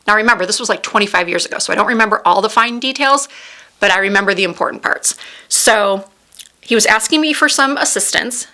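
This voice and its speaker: A woman's voice: mid-range voice, fairly quick, bright, forceful tone. A woman in her forties telling a heartfelt personal story while doing her makeup, close to tears as she recalls it. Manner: earnest, heartfelt retelling. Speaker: beauty vlogger.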